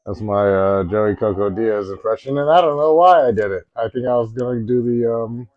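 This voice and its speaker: A man's voice: mid-range voice, moderate pace, highs cut off. A man giving casual, rambling watch-along commentary with self-mocking asides.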